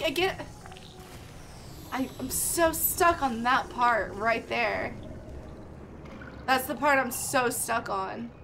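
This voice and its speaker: Young woman game streamer: high, bright, unhurried, rambling chatter to her chat. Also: vocal fry, slight background noise. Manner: chatty, thinks aloud, greets chat loudly. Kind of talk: live gameplay chat with viewers.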